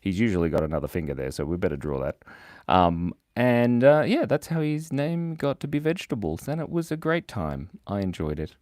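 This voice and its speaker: A playful man hosts a kids' drawing livestream, reading out chat messages in a casual way. His pitch swoops up and down all the time, from loud excited bursts to quiet mumbles. The sound is close and dry, with almost no room echo. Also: a little fast. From Australia. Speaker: livestream drawing host for kids. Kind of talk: casual live-stream chat reading comments. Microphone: mic set in a beard.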